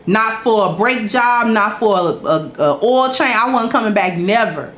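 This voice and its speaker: A woman's voice: mid-range voice, lively intonation, measured pace, fairly bright tone, echoey room, a little hiss or hum. Emphatic woman talking to her chat. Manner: conversational, emphatic, preachy when making points. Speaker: host. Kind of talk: casual storytelling talk to a live chat.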